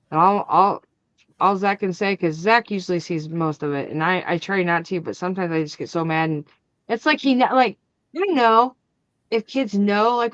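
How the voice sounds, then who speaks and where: A woman hosting a crafting channel, chatting casually and acting out the family arguments in her story with lively energy. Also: mid-range voice, clear, resonant tone, dry recording, dull audio. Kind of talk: casual chat.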